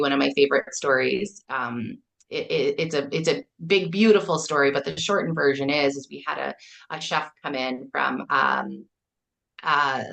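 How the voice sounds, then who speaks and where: A middle-aged Canadian kindergarten teacher with a Canadian accent, earnestly telling stories in a podcast interview and acting out the quotes with animation. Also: female voice, rumbling low, gravelly. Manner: earnest, storytelling, acts out quotes with lively animation. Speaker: kindergarten teacher and author, guest.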